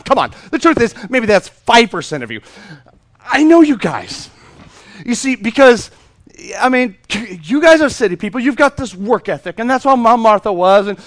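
A man preaching a sermon with a high, lively voice that swings up and down a lot. He is animated and playful, acts out the voices in a story and repeats words for emphasis. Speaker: pastor.

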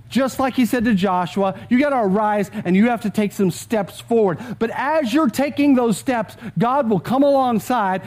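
A pastor preaching a sermon with a Texan accent, urging the congregation to repeat scripture aloud with him. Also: male voice, very high-pitched, darkish tone.

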